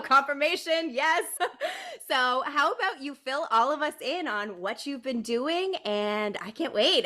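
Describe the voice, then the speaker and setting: A woman's voice: medium pitch, a bit bright. A woman hosting a podcast in casual chat, bubbly and effusive, laughing often. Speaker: podcast host.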